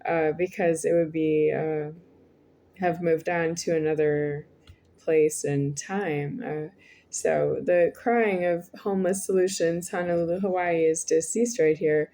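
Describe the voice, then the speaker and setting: A woman's voice: sits low, steady tone, a little slow, warm tone. A woman in her forties speaking in a rambling, repetitive monologue to the camera, with frequent hesitations. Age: 40s. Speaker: vlogger.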